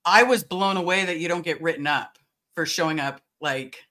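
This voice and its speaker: A guest in a casual conversational chat, telling stories bluntly and swearing casually. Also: female voice, on the low side, moderate pace, bright, forceful tone.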